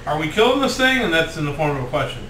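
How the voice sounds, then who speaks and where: Impatient fast-talking male player. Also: fairly high pitch, big pitch swings, a bit bright. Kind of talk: casual tabletop play. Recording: echoey room, distant mic, noise.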